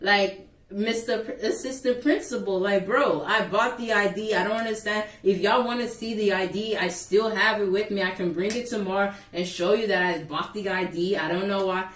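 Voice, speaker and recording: A woman's voice: mid-range voice, steady tone, moderate pace, fairly bright tone. A young woman vlogger animatedly retelling a school story in a casual, exasperated way. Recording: echoey room, voice a bit far from mic.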